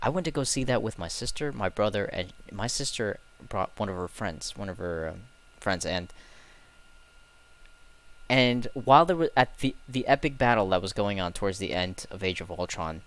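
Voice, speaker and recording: A man's voice: fairly low pitch, expressive, moderate pace, fairly bright tone. A young man telling stories casually on a late-night stream, rambling, correcting himself and chuckling at himself.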